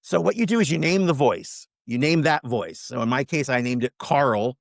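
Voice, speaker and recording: A man speaking as a podcast guest, teaching mindset in an emphatic, animated motivational way. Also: medium pitch, moderate pace, vocal fry, no echo, studio quality. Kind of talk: casual podcast interview.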